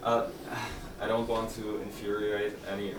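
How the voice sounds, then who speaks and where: A man from the audience talking in a hesitant, halting way. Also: lowish voice, flat delivery. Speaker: audience member. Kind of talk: casual chat. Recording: roomy and distant with noise.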